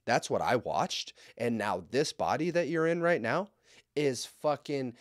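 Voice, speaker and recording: A man's voice: mid-range voice, lively intonation, unhurried, no echo, clean studio sound. A young man co-hosting a casual podcast, reading out listener letters and ranting about them in a heated, sarcastic, heavily profane way. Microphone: studio podcast mic.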